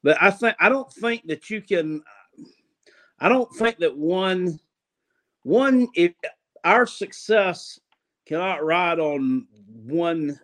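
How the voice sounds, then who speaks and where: A man co-hosting a sports talk show, talking in halting bursts full of "I mean.". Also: sits high, animated, fairly bright tone. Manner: hesitant, many "I mean" fillers.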